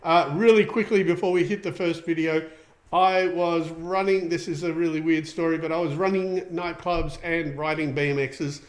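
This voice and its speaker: Reading viewer comments on his casual livestream, a middle-aged Australian host chats and rambles, saying um often. His voice is a little high, and he keeps a fairly even intonation at a normal speed.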